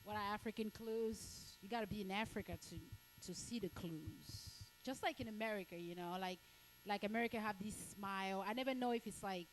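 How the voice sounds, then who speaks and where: A woman from Cameroon doing stand-up crowd work, blunt and crude, repeating herself and breaking into shouts. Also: medium pitch, brisk, slight background noise. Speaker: stand-up comedian.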